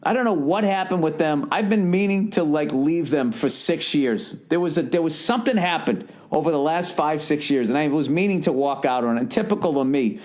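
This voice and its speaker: A man's voice: a little high, a little fast, few pauses, darkish tone. A middle-aged man hosting a podcast, talking casually in a profane, worked-up rant. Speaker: podcast host. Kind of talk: casual monologue.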